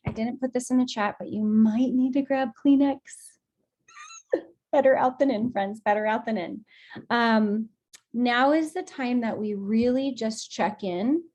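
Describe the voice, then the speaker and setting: A woman leading a guided emotional release session over a video call, speaking in a gentle, affectionate and encouraging way. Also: a little high, muffled recording. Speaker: group session facilitator.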